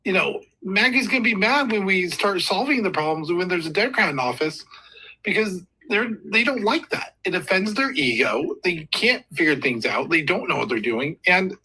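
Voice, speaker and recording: Male caller, indignant and emphatic, husky voice with lively pitch. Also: moderate pace, low-quality recording.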